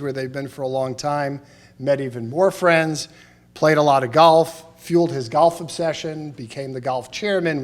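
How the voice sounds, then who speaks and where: A middle-aged man at a podium microphone in a funeral chapel, giving a eulogy full of humorous anecdotes and chuckling through the stories. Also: on the high side.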